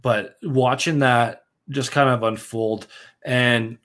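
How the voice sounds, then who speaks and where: A young man co-hosting a casual sports podcast, telling excited stories with lots of "like" and some swearing. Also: medium pitch, slow pace. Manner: excitable, swears, animated storytelling. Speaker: podcast co-host.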